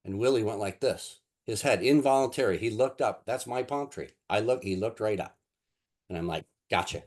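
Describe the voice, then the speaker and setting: A man with a very low voice talks through a casual lesson, drifting between examples and stories. He rambles, stacks fillers and restarts his sentences as he goes. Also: a little fast, darkish tone. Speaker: NLP instructor. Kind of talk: casual teaching talk with anecdotes.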